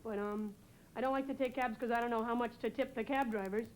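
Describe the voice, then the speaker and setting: A young woman from New England doing a deadpan stand-up set, hesitating with many "uh"s. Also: fairly high pitch, quick pace. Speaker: stand-up comedian. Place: TV studio stage before a live audience. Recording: loud audience laughter and noise.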